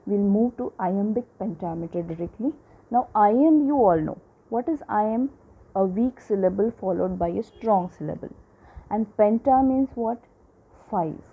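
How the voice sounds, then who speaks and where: A woman teacher giving a lesson, explaining slowly and repeating points with frequent checks like "okay" and "right". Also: mid-range voice, slightly rough. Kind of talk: classroom lecture. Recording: tinny phone-like audio.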